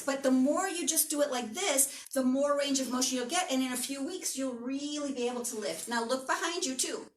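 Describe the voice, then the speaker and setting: High-voiced woman leading a yoga class. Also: fairly bright tone, a little hiss or hum. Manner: encouraging, instructive, says "right?" often. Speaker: yoga teacher. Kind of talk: guided movement class. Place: yoga studio room. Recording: echoey studio from a distance.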